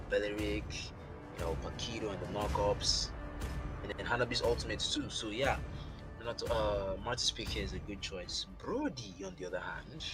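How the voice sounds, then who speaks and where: A man casting a live esports match, chatty and rambling, thinking aloud as he goes. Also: on the low side. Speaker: esports caster. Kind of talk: live game commentary. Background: game music.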